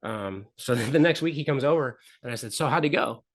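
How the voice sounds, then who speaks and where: A middle-aged man talks earnestly about his own life as a talk show guest, in the style of a candid interview. His mid-range voice is animated and fairly quick, and he repeats phrases and plays out the people he quotes.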